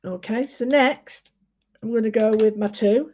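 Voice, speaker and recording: A woman giving a casual painting demonstration, chatty and halting with many fillers as she talks through each step. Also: on the high side, warm tone, a little hiss or hum. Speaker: art tutorial host. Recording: dull lo-fi home recording.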